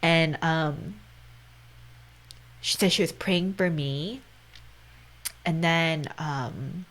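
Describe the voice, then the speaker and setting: Soft-spoken woman, lowish voice. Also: extremely slow. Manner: soft-spoken, earnest, often drops to a near whisper; heavy use of "like" and "right?". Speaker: podcast host. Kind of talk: casual conversation.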